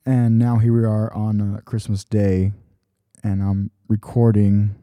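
Mellow low-voiced man hosting a podcast. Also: flat delivery, unhurried, no room sound. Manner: rambling, self-correcting. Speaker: podcast host. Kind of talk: casual solo podcast talk.

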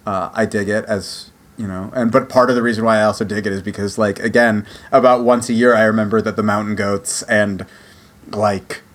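A man co-hosting a casual podcast chat, animated and talkative with lots of fillers. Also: on the low side, a little fast. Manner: animated, chatty, full of fillers. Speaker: podcast co-host.

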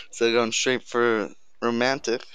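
A young man jokes and teases in boisterous casual chat. His voice is bright and crisp. It is recorded dry and close, with no room sound. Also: medium pitch, lively intonation, slow, no room sound. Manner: joking, boisterous, teasing.

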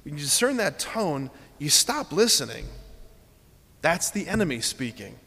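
A man preaching in an earnest sermon style, often doubling his key phrases for weight. His voice sits on the higher side and carries a long reverb from a big church hall. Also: sing-song, measured pace, gravelly, pushed and bright, slightly rough. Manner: earnest, repeats key phrases, leads the congregation in exercises.

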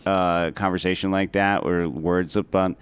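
A man, a comedian hosting a podcast, telling a story in a casual, animated way, laughing and correcting himself. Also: low voice, moderate pace, clean tone, dry recording. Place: podcast studio.

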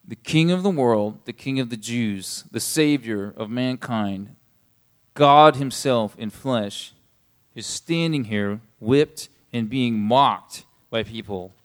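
A man preaches in a relaxed, conversational way, walking listeners through a scripture passage. His voice sits in an ordinary middle range and climbs with force when he stresses a point. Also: medium pitch, takes it slowly. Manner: conversational preaching, rising emphatic on key lines. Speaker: pastor. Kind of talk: sermon.

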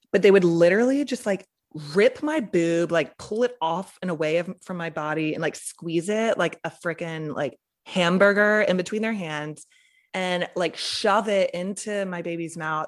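A young woman, a podcast guest, telling a personal story in a chatty way, saying "like" often. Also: fairly low pitch. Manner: chatty, heavy use of "like".

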